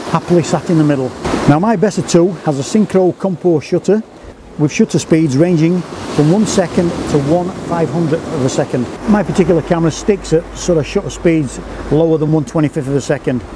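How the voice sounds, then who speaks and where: A man's voice: fairly high pitch, background noise. A man, an enthusiastic photography vlogger chatting about a favourite old camera outdoors. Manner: enthusiastic, chatty, reads notes verbatim. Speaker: photography YouTuber. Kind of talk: casual camera review vlog. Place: outdoors by the coast.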